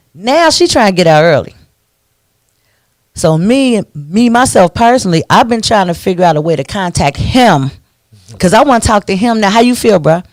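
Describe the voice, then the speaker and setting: A man's voice: fairly high pitch, no room sound, clean studio sound. Ranting man hosting talk radio. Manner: animated, preachy ranting. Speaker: radio talk show host.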